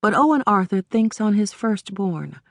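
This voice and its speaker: A woman narrating a literary audiobook in a measured, deliberate way, recorded on a close studio mic. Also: mid-range voice, animated, no room sound.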